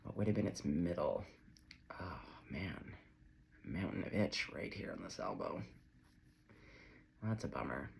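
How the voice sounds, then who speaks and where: A man's voice: low-pitched, animated, normal speed, gravelly, long pauses, a little hiss or hum. A man giving a casual, chatty tarot reading to camera, wandering off on tangents as he talks. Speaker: tarot reader.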